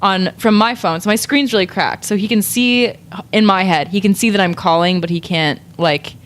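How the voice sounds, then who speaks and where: A woman's voice: medium pitch, moderate pace. Young woman telling a rambling story. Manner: rambling storyteller, heavy "like", frequent laughs. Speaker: guest artist. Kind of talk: casual podcast chat.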